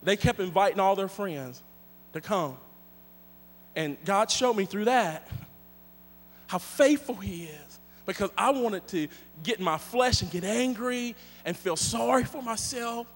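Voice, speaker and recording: Telling a story from the pulpit, a preacher with a high voice keeps things animated, jokey and chatty at a slightly slow pace, while a long reverb suggests a big church hall.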